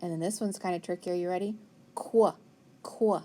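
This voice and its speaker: A woman with a lowish, dark voice talks very fast, keeping her intonation fairly even. She's teaching phonics to young pupils, patiently posing questions, answering some herself, praising their replies, and spelling words out one letter at a time.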